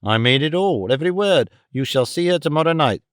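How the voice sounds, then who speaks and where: A man's voice: on the high side, fairly quick, no room sound, studio quality, natural voice. A man doing a fussy, eager old clerk. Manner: excited, fussy, reassuring. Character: eccentric older male clerk, eager helper.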